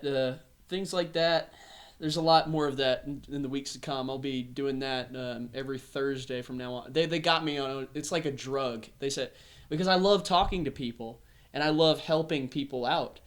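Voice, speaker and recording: A young man from the American South hosting a podcast, telling a story in a casual, animated way. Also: medium pitch, moderate pace. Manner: animated storyteller, acts out voices. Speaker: podcast host. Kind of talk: casual chat.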